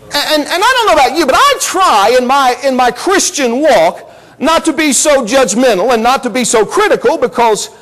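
A man's voice: very high-pitched, expressive, normal speed, fairly bright tone, low-quality recording. A man preaching a sermon in a church service, emphatic and repetitive, building to exclamations.

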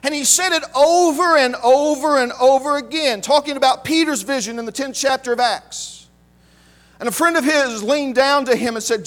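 A man's voice: extremely high pitch, normal speed, fairly bright tone. A male preacher delivering a sermon emphatically, repeating key phrases and calling out to his congregation.

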